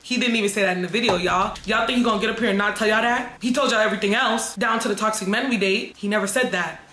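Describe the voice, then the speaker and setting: A woman speaks to her viewers, emphatic and defensive as she tells her side. Her voice is bright. The room has a noticeable echo. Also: mid-range voice, fast. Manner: emphatic, defensive, addresses the audience. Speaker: streamer in a video clip. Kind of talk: telling her side of a dispute.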